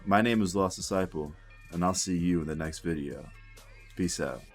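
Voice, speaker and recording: A man's voice: sits low, normal speed, loud music behind the voice. A young man telling a storytime tale in a casual, rambling way, swearing and laughing as he goes. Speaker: storytime vlogger.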